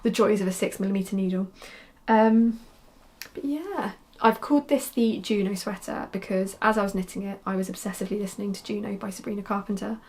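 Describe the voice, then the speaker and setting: A woman's voice: mid-range voice, fairly even intonation, a little fast, darkish tone. A young woman, chatty and rambling, talking casually about her knitting projects with frequent ums and restarts. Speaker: knitwear designer podcaster.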